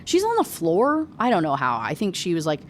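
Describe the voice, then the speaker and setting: A woman's voice: lowish voice, wildly swooping pitch, fairly quick. A young woman recaps a novel in a loose, chatty rant, full of sarcasm and swearing. She sounds exasperated with the characters. A faint noise sits under her voice. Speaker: book reviewer. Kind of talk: casual rant review.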